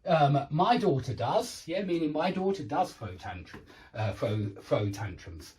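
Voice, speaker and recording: A man's voice: mid-range voice, very animated, measured pace, darkish tone, rough recording. A man teaching an online English grammar lesson. He talks patiently, repeats example sentences and stresses the key words.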